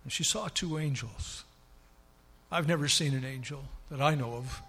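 A man's voice: on the high side, normal speed, fairly bright tone, breathy edge. A man preaching a sermon, retelling scripture with dramatic, rising emphasis. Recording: long hall reverb.

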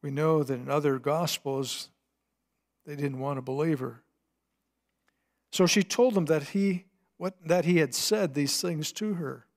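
A man preaching a sermon, retelling a scripture scene dramatically, swinging between hushed and emphatic delivery. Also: fairly high pitch, unhurried, pauses often. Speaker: pastor.

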